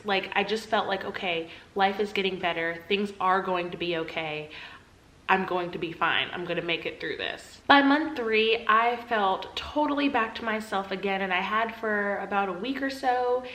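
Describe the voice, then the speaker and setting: A young woman vlogger earnestly telling a personal story, confessional, acting out her own past words in a higher, pleading voice. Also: fairly bright tone, roomy sound, low-quality recording.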